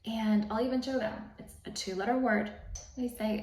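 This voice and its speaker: A woman teacher calmly explaining how to teach sight words, step by step, in a patient, instructional manner. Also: on the high side, normal speed. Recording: roomy, slightly distant mic.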